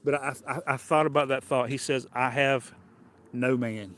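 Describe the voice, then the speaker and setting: A man with a Southern US accent delivers a livestreamed sermon. His talk is folksy and plainspoken, full of casual grammar, with phrases he circles back to and repeats. His voice sits at an everyday middle pitch. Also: fairly even intonation, moderate pace, fairly bright tone. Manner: folksy, colloquial, repeats and restarts. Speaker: preacher.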